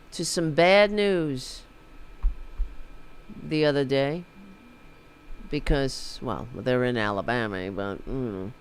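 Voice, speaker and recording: A man's voice: a little high, a bit bright, clean tone. A man hosting a podcast, delivering a rambling, sarcastic political commentary monologue. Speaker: podcast host.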